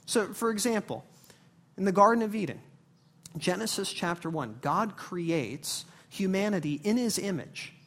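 Animated, conversational male pastor preaching. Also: high-pitched, slightly rough. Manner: animated and conversational, swinging from quiet asides to loud outbursts. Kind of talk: sermon with personal storytelling. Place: church service.

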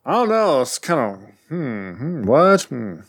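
A man in casual chat, recapping a comic as a podcast co-host, animated and jokey. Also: medium pitch. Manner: animated, puts on quick silly voices while retelling.

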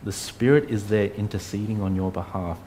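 A man's voice: on the low side, a little fast, mellow, a little hiss or hum. Earnest man preaching a conversational sermon. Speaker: pastor.

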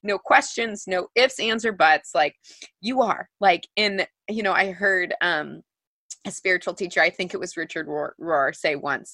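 A woman guest on an interview show, recounting a personal story with earnest emotion and plenty of "like"s. Her voice sits a bit low yet sounds bright and forceful. The recording is close and dry. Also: measured pace, dry recording. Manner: earnest, emotional, heavy use of "like". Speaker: podcast guest, author.

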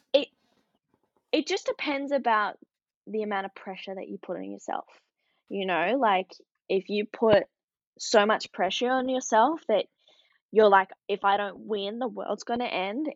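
A woman's voice: medium pitch, expressive, a little slow, long pauses, no room sound. A young woman with an Australian accent, a professional surfer chatting casually as an interview guest, upbeat and full of "like" fillers. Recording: dull, dry lo-fi recording.

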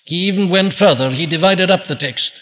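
A man's voice: high-pitched, a little fast, in a large hall, lo-fi sound. A man preaching a sermon earnestly, posing questions and answering them himself. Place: church.

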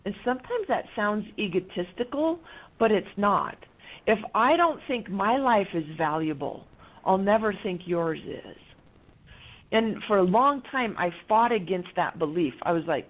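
A middle-aged woman talks on a radio show in an earnest way, acting out the lines she quotes as she tells her stories. Her voice sits at an ordinary pitch for a woman. It comes through a thin, tinny phone line. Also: lively intonation, measured pace. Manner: earnest storytelling, acts out quoted dialogue. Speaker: guest. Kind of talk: radio interview.

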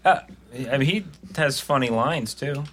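A man's voice: medium pitch, expressive, measured pace, over a noisy crowd. A man in casual podcast chat, hedging and hesitant as he gives his opinions.

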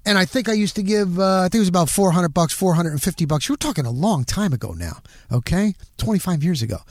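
A middle-aged man hosting a podcast, telling a story in a casual, animated way and punching it up with quick sound words. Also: high-pitched, dry recording, clean studio sound. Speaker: podcast host.

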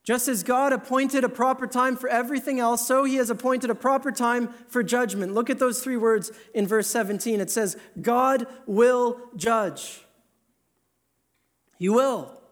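High-voiced earnest male preacher. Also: level tone. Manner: earnest, emphatic, slows down to stress key words. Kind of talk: sermon.

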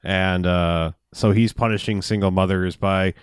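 A man with a lowish voice talks through a film's plot in loose, rambling podcast chat. He keeps slipping into goofy voices for the characters. The sound is dry and close to the mic. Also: steady tone, measured pace, smooth, dry recording. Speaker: podcast co-host. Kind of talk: casual movie recap chat.

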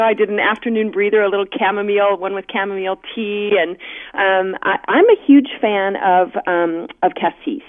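A woman guest on a radio talk show, chatting casually, with plenty of fillers and restarts. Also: mid-range voice. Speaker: guest, drinks writer. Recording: tinny phone line.

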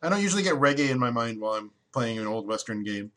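Male podcast co-host with a crisp, bright tone who rambles, restarts often and airs strong opinions. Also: medium pitch, animated, fast talker. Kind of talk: casual chat.

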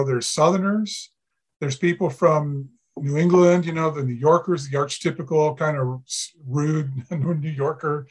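A man from Canada, a podcast guest, talking in a rambling, anecdotal way with many fillers. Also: a little high. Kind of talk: casual podcast chat.

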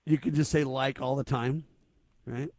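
A man's voice: medium pitch, fairly even intonation, moderate pace, darkish tone, no room sound, clean studio sound. A man hosting a talk show, chatting casually and joking as he puts questions to his co-hosts.

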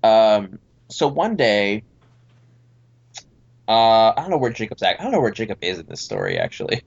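A man spinning a long anecdote in casual podcast chat, his pitch swinging widely as he acts out the people in it. He rambles and restarts, and the recording sounds somewhat dull and lo-fi. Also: moderate pace, creaky, slightly rough. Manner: animated, rambling, acts out voices in his story. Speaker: podcast guest. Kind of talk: casual storytelling.

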